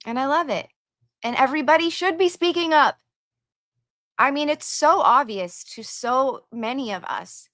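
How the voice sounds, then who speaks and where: A woman's voice: high voice, moderate pace, fairly bright tone, no room sound, studio quality. A woman hosting a livestream, chatting casually and reading viewer donations and messages aloud with her own asides.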